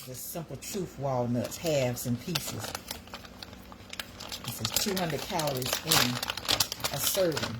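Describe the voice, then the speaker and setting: A woman's voice: sits low, noisy background. A woman hosting a casual livestream, chatting folksily with her viewers while she makes breakfast. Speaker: livestream host.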